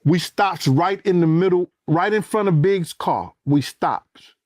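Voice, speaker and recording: Recorded dry at studio quality, a man with a high-sitting voice and measured pace narrates a story in casual, profane speech. He plays out the quoted voices, curses, and climbs to shouts whenever he gets excited.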